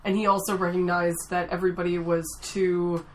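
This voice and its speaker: A woman hosting a casual chat, engaged and chatty, with quick follow-up questions. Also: lowish voice, little pitch movement, a little hiss or hum.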